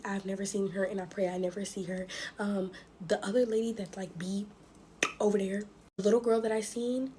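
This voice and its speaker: Playing with slime indoors at home, a young woman from the US tells scary stories in a mellow, mid-range voice, with slight background noise. She's casual and expressive, addressing her viewers as y'all.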